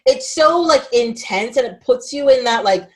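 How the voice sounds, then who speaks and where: A woman hosting a podcast, talking in a casual, animated way with lots of filler words. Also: fairly high pitch, normal speed, rough recording. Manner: animated, chatty, many "like" fillers. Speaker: podcast host. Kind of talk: casual chat.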